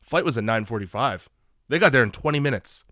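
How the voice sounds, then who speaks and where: A man co-hosting a horror movie podcast, roasting the film with lively, mocking humor. His pitch swings widely as he talks, his voice sits at an ordinary male pitch, and the sound is close and dry. He swears freely and piles on comic insults. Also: brisk, no room sound. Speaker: podcast co-host. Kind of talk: casual movie-review banter.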